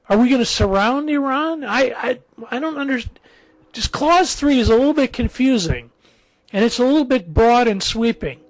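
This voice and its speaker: A man with a fairly high voice talks through political commentary in a loose, rambling way, stopping and restarting his sentences and filling gaps with ums and uhs. He slips in dry, sarcastic asides, and the recording is close and dry with no room sound. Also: no room sound. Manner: rambling, hesitant, many fillers and restarts. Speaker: political video blogger. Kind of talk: casual spoken commentary.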